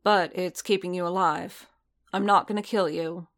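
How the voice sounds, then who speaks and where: A woman voicing a tired, guilt-torn male warrior who speaks in a hushed, restrained way. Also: on the low side, fairly even intonation, normal speed, natural voice. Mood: tired firm.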